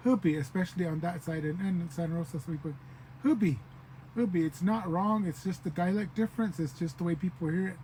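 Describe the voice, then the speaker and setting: A man's voice: on the high side, dark tone, a little hiss or hum, low-quality recording. A man giving a casual language lesson, repeating each word several times and acting out short example phrases. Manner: repeats words slowly, acts out example phrases. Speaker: language teacher.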